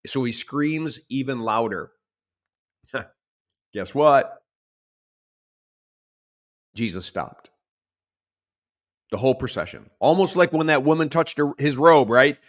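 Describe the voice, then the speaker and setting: Male pastor, lively sermon delivery, mid-pitched voice, dramatizes quotes. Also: slow, long pauses. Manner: animated preaching, acts out shouted quotes.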